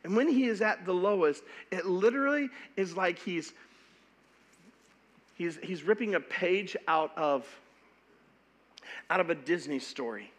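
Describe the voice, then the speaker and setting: A middle-aged pastor preaching a sermon in an animated, emphatic way, often stumbling and repeating words as he goes. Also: sits high, unhurried, long pauses.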